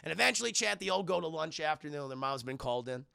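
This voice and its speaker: A man in his thirties doing a live spoiler film review, talking to his viewers in an animated, profane way. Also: fairly high pitch, very fast, creaky, clean tone, no echo, clean studio sound. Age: 30s. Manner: animated, profane, laughs while retelling.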